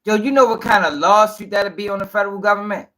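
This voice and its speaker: A man's voice: high voice, steady tone, fast, bright, forceful tone. A man giving blunt reaction commentary on a clip, dismissing what he hears as lies. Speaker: commentary host.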